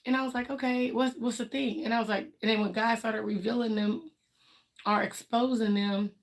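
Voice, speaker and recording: A woman's voice: fairly high pitch, steady tone, normal speed. A woman hosting a livestream, talking candidly and emphatically in colloquial speech, acting out what other people said and laughing between her points. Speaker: livestream host. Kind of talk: casual personal talk on a livestream.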